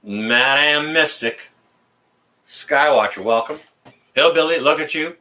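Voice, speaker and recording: A man's voice: a little high, slow pace, bright, forceful tone. Chatty Canadian man greeting stream viewers. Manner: friendly, rambling with many fillers. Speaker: live stream host. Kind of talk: casual live stream chat greeting viewers.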